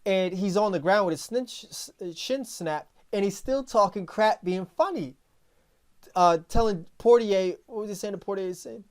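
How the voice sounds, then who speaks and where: A man hosting a podcast in casual talk, telling stories in a rambling, animated way with many restarts. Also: high voice, normal speed. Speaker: podcast host.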